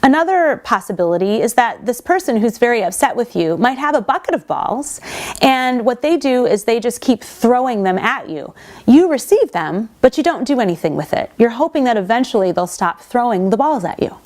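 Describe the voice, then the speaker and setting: Woman speaker, earnest and explanatory, slightly high voice, inspirational talk. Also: sing-song, normal speed, darkish tone.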